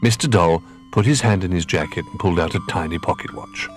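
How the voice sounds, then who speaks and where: A man reading a children's storybook aloud as narrator, gentle and unhurried. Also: deep voice, soft background music.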